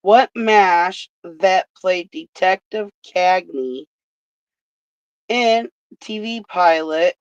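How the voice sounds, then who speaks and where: A woman hosting a casual trivia stream, reading questions slowly and swearing freely between them. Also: fairly low pitch, clear, resonant tone, dry recording. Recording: dull lo-fi stream audio.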